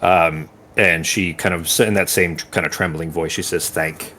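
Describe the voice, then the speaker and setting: A man's voice: sits low, steady tone, moderate pace, bright, forceful tone, a little hiss or hum. A man running a tabletop game as game master, rambling and searching for words while he describes scenes in vivid detail.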